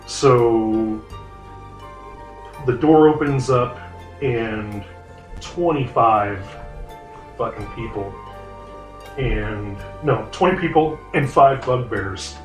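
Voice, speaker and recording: A man's voice: mid-range voice, extremely slow, long pauses, faint music behind. Casual, swearing male game master. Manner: casual, swearing, rambling with fillers. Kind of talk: narrating a tabletop game.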